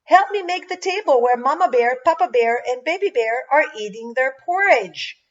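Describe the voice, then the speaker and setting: A woman voicing a bossy little preschool girl who gives orders in a high, commanding child voice, on a dull lo-fi recording. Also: expressive, moderate pace, distant mic. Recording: dull lo-fi sound.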